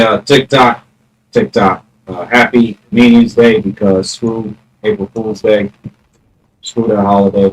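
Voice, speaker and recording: A man's voice: lowish voice, a little hiss or hum, rough recording. A man rambling casually to his viewers on a phone live stream, greeting chatters by name and drawing out mock taunts. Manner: mock-challenging, drawn-out taunts. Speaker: livestreamer.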